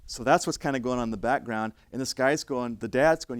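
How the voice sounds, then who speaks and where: An older man, an instructor, telling a story in a lecture, emphatic and restarting his sentences, now loud, now quiet. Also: medium pitch, fairly quick, dry recording. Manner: emphatic, with frequent restarts and swings in loudness. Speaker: fire service instructor.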